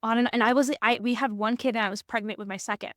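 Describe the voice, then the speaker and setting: A woman's voice: on the high side, fairly even intonation, quick pace, a bit bright, dry recording, clean studio sound. A woman hosting a podcast, talking in a loose, rambling way with many restarts. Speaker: podcast host. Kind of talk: casual conversation.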